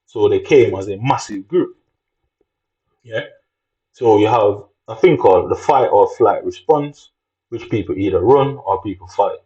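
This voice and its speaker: A man talks in a rambling, agitated vlog monologue and swears often. His voice sits fairly low and has a warm, mellow tone. The recording sounds dull and lo-fi. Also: animated, unhurried.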